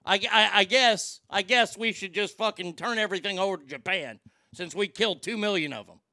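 A man's voice: sits high, brisk, dry recording. A man hosting a radio show, ranting angrily and swearing, feeling sick after being up all night. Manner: profane, ranting, shouting in outbursts. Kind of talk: angry talk radio rant. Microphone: broadcast board mic.

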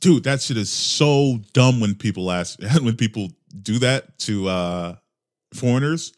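A man hosting a comedy podcast, delivering a casual, profane monologue with lively swings in pitch and loudness. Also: unhurried. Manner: animated, profane ranting with mock voices. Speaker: podcast host.

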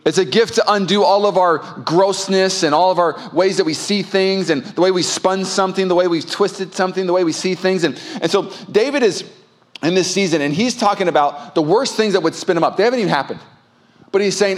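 A man in his thirties gives a sermon as pastor, his voice sitting a little higher than most men's. He talks candidly and mocks himself, breaking into comic acted outbursts. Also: a little fast. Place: church stage.

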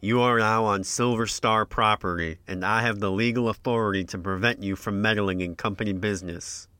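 A man's voice: fairly low pitch, fairly even intonation, a little fast, pushed and bright, clean tone, dry recording. A man voicing a stern, armed company man who speaks in a formal, commanding way.

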